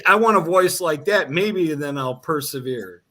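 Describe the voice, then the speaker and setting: A bright-voiced man speaks slowly and chattily as a co-host, often breaking into laughter. He sounds like he is on a video call. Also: a little high, expressive. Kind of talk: casual conversation.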